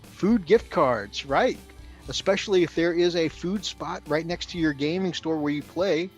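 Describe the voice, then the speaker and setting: Chatty guy cohosting a hobby stream, slightly high voice, laughs a lot, faint music under it. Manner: chatty, laughs often, quick asides. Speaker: co-host of a hobby livestream. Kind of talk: casual chat.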